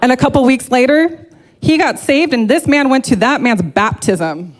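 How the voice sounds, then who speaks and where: A woman's voice: high voice, moderate pace, a little hiss or hum. A woman giving a heartfelt, emotional personal testimony to a church congregation, speaking openly and earnestly.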